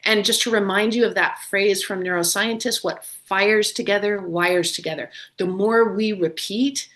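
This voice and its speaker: Middle-aged female webinar speaker, earnest and encouraging, leans on repetition, mid-pitched voice. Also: normal speed, fairly bright tone. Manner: earnest, encouraging, repeats phrases for emphasis. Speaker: neuroscience author and webinar speaker. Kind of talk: webinar talk.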